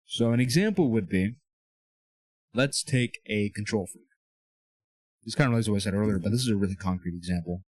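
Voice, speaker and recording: In a dry recording, a young Christian self-improvement speaker with a low-leaning, darkish voice talks a little fast, pausing often. His motivational talk on faith and bettering yourself is casual and earnest, delivered in a small room with a whiteboard, and he keeps checking in with "okay?" and "all right?" in a coaching tone.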